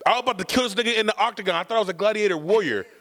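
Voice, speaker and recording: A man from California co-hosts a podcast, telling stories in a loud, profane, animated rush. His voice sits a little high and races along. The room adds a long reverb. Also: rapid-fire. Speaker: podcast co-host. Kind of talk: comedic storytelling chat.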